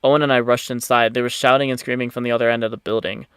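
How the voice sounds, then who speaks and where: A man hosting a let's play, reading the story aloud and reacting with excitable, swearing commentary. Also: mid-range voice, racing, smooth, no echo, studio quality. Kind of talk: game commentary with read-aloud narration.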